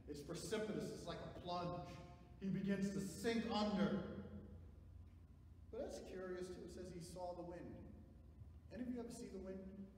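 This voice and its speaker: A man preaching a sermon as pastor, moving between quiet, intimate passages and loud, drawn-out emphatic peaks. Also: sits high, a little hiss or hum. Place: church sanctuary. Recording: echoey church from a distance.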